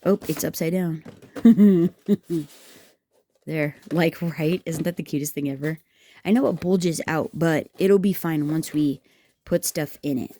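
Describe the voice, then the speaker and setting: A woman's voice: deep voice, normal speed, mellow. A woman hosting a craft tutorial, chatting and rambling to her viewers as she works, teasing herself along the way. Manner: rambling, talks to viewers as "guys", self-teasing. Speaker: craft video host.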